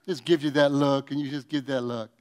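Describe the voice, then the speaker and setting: A man preaching a sermon, telling comic stories with acted-out quotes and swinging between loud bursts and soft, earnest passages. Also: medium pitch, steady tone, fairly quick, clear, resonant tone. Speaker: pastor.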